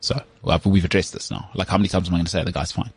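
A man hosting a casual podcast chat, telling rambling stories with lots of fillers and a husky voice. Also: low-pitched, rapid-fire, no room sound. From South Africa. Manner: animated storyteller, rambling with many fillers. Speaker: podcast host.

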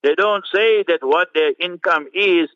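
A man translating and commenting on a Friday sermon, fervent and scornful, breaking into quick Arabic recitations. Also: sits high. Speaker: religious scholar commenting on a sermon. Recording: muffled radio broadcast.

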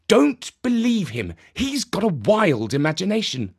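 A man voicing a soft-hearted young woman in a storybook, who speaks earnestly and firmly, pitched well above his own voice. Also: huge pitch swings, unhurried, gravelly, slightly rough, heavily acted. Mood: alarmed. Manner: earnest, indignant.

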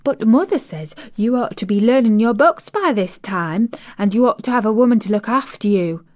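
A woman's voice: fairly high pitch, expressive, normal speed, darkish tone, no room sound, studio quality, pitched above the performer's own voice, close to an everyday voice. A woman voicing a cheerful, chatty young maid with a broad Yorkshire accent. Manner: broad dialect, eager.

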